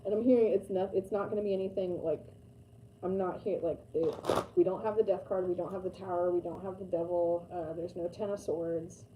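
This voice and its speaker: A woman's voice: on the low side, steady tone, a little fast, lo-fi sound, noisy background. A woman giving a casual, rambling tarot reading, full of fillers and the odd swear. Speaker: tarot reader.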